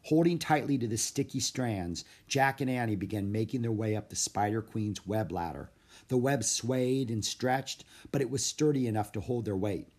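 A man narrating a children's storybook in a steady, measured reading voice. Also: lowish voice. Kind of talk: storybook read-aloud narration.

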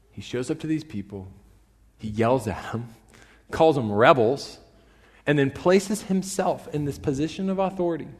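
A male pastor preaching a sermon in a church, telling stories with animated emphasis. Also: mid-range voice. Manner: animated storytelling, rising to emphatic peaks. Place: church sanctuary. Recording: long reverb in a church hall.

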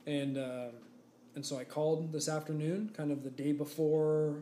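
In a warm, slightly high voice, a young man co-hosting a laid-back podcast rambles through a story stuffed with fillers, keeping his intonation fairly even and his speed normal. Faint noise hangs in the echoey room around him.

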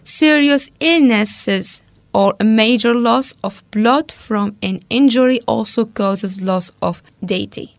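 A woman co-hosting a casual talk, reading researched notes aloud steadily and pausing over hard names. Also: a little high, no echo.

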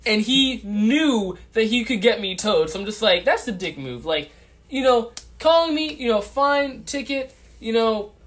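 A young man co-hosting a casual chat, telling a story in an animated way, acting out his own lines and swearing freely. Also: extremely high pitch, unhurried. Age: young adult. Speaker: podcast co-host.

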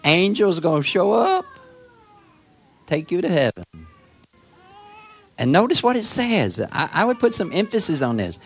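A male preacher giving a sermon in an emphatic, repetitive way that swells to shouts. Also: sits high, very animated, measured pace, pauses often, breathy edge.

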